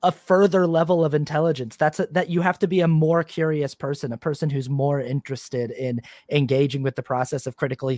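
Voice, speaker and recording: A man's voice: fairly high pitch, a little mellow, dry recording, clean studio sound. A man hosting a podcast, talking casually and animatedly, slipping into mock voices to quote people, with many fillers. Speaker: podcast host. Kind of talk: casual conversation.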